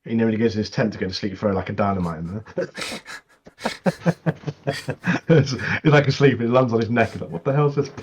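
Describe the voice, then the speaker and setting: A man's voice: on the low side, a little fast, pauses often, a little hiss or hum. A man co-hosting a casual gaming chat, laughing often and acting out little quotes. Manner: laughs often, acts out quotes, repeats words. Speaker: co-host. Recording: dull, lo-fi mic.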